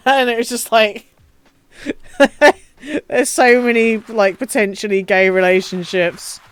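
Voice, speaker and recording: A woman's voice: a little high, fairly even intonation, slow, clean tone. A woman streaming a building game, chatting casually, swearing, ranting and laughing often. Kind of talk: casual live-stream chat while playing.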